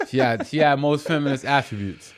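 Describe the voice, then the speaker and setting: A young man casually telling a story as a podcast guest, animated and profane, with lots of restarts. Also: mid-range voice, brisk. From New York City.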